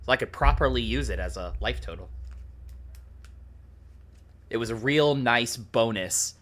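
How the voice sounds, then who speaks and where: A man's voice: mid-range voice, expressive, a little slow, fairly bright tone. A man in his late twenties chatting over a voice call during a card game, friendly and talkative. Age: 20s. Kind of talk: casual chat over voice call.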